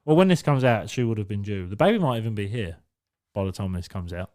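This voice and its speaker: A man's voice: on the low side, very animated, fast, mellow. A young man co-hosting a podcast, telling stories in a sarcastic, swearing, casual way. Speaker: podcast co-host. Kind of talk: casual chat.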